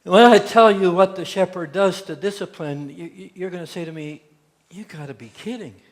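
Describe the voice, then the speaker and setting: A man with a high-sitting voice preaches at a moderate pace, serving as pastor in a church sanctuary. His sermon leans on folksy storytelling with quotes acted out. The recording carries a long church hall reverb.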